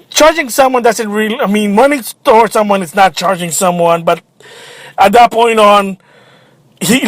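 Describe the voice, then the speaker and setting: A man with a high voice rants to the camera about a bad shopping trip. He talks in an agitated, animated way, restarting sentences as he goes. The sound is dry and close. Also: dry recording. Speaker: vlogger. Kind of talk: casual ranting monologue.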